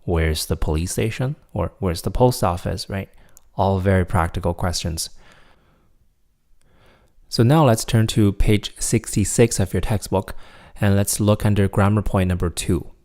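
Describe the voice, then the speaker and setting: A man teaching a recorded beginner language lesson, explaining patiently and slowing down to model each word. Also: low-pitched, a little mellow. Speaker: Mandarin teacher.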